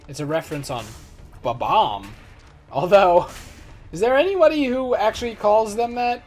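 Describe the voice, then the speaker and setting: A high-pitched man with lively intonation and a darkish tone talks at an ordinary pace, faint music behind him. The let's play host, in his twenties, delivers casual, rambling gameplay commentary full of self-mocking jokes.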